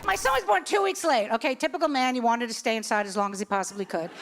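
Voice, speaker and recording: A woman's voice: fairly high pitch, fast talker, creaky. A woman in her sixties doing a stand-up comedy set, telling stories animatedly and voicing the people in them. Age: 60s. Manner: animated storytelling with voiced characters. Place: comedy club stage. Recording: live club recording with background noise.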